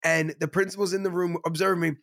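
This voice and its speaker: A man with a high voice and a gravelly edge tells a story in casual podcast chat. He rambles excitedly and keeps restarting his sentences, with plenty of fry on his words. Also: fast. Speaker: podcast co-host, teacher.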